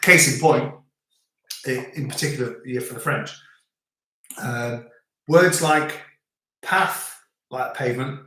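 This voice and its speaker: A man's voice: mid-range voice, a little slow, long pauses, a bit bright. A middle-aged man from England with a Northern English accent, chatting casually and rambling on a family live stream. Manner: chatty, rambling, repeats words. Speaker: host. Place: family home in rural France. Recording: very echoey room.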